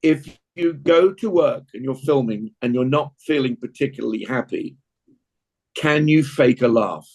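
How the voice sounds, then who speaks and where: An older man with an English accent leads an acting class, chatty and full of encouragement for his students. His voice is husky and sits in a middle pitch. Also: measured pace, a little mellow, low-quality recording. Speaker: guest acting teacher. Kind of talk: casual teaching of a class.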